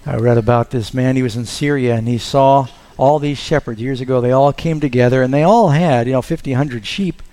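A man's voice: medium pitch, brisk, few pauses, a little mellow. A man preaching a sermon as pastor, telling stories and acting out the lines he quotes in a raised voice.

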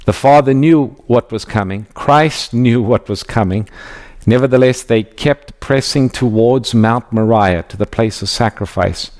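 A man's voice: mid-range voice, darkish tone. Man teaching scripture emphatically. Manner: measured, emphatic, reads scripture aloud. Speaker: Bible teacher. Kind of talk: expository Bible teaching.

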